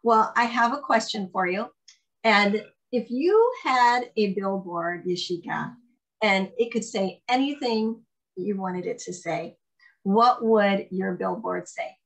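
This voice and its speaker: A woman's voice: medium pitch, slow, vocal fry, fairly bright tone, rough recording. A woman from Ohio hosting an interview, affirming her guest and asking questions. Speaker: host. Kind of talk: conversational interview.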